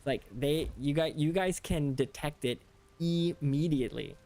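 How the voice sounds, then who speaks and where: An American man with a fairly high, warm voice talks a little slowly as he chats casually with his stream while gaming. He rambles and thinks out loud as he plays.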